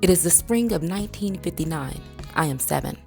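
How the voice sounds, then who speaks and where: A woman reading a memoir aloud in a measured, even audiobook narration. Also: fairly low pitch, vocal fry, soft background music. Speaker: book reader.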